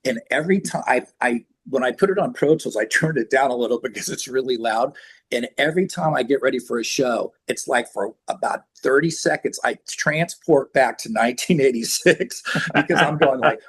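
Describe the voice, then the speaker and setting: An older man with a husky voice, chatting casually as an interview guest, rambling through stories and acting out sounds and quotes. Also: a little high, lively intonation, a little fast. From San Francisco Bay Area. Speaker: rock singer, interview guest.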